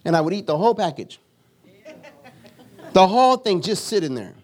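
A man preaching a sermon, moving from solemn teaching to lively storytelling. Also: high-pitched, normal speed. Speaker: pastor.

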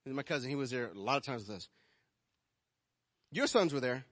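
A male pastor preaching a sermon, telling personal stories and swinging between soft asides and loud, emphatic calls to the congregation. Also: mid-range voice, animated, a little fast. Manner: storytelling, swings from quiet to loud. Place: church hall. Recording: long hall reverb.

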